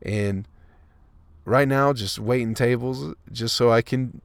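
A young man riffs through a casual, profane comedy monologue. He rants and cracks himself up as he goes. His voice sits at an ordinary pitch, recorded dry and close with no room sound. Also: slow, gravelly, no room sound. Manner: profane, ranting, laughs at own jokes. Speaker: comedian podcast host.

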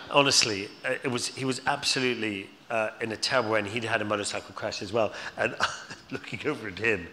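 A man's voice: on the low side, steady tone, a little fast, pushed and bright, a little hiss or hum. A man speaking as a guest at a live Q&A, telling stories in a rambling way with lots of restarts and repeated words. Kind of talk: anecdotal storytelling at a live Q&A. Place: stage in a hall before an audience. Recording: live hall reverb, faint ambience.

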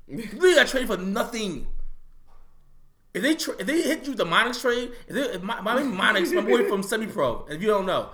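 Lively, high-voiced man roasting athletes. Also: fairly quick. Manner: crude, animated roasting with laughs. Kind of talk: casual chat, sports banter.

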